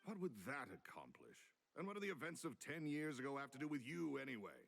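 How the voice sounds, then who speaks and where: An actor playing a gruff, hard-nosed businessman in a game cutscene, with a deep booming voice and a curt, threatening way of talking. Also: very animated, fast, faint music behind. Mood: menacing.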